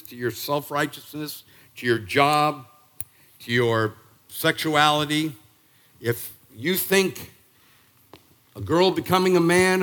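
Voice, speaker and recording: A man in his sixties from Boston, preaching a sermon as pastor in an emphatic, punchy way that jumps up in pitch and volume. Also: fairly bright tone. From Boston, Massachusetts. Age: 60s. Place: church sanctuary.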